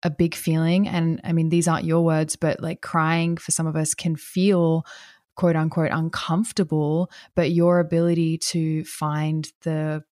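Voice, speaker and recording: Woman, podcast host, low voice, dry close sound, casual searching questions. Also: level tone, unhurried, dry recording. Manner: warm, searching questions with many "like" fillers.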